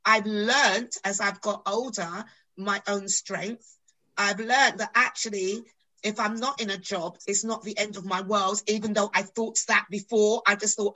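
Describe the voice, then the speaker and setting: Bright-voiced woman telling stories. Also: medium pitch, steady tone, unhurried, low-quality recording. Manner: storytelling, acting out dialogue. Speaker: guest actress. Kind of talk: casual podcast chat.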